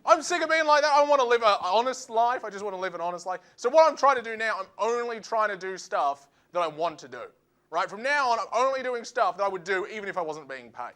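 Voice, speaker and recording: A man doing a stand-up routine, animated and acting out voices in quick asides. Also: sits high. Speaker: stand-up comedian.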